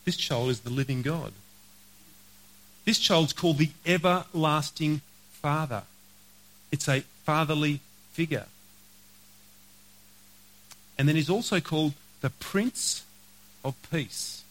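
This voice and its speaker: A man preaching a sermon, earnest, slowing to read scripture and repeating key phrases. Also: a little high, fairly bright tone, rough recording. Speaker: pastor.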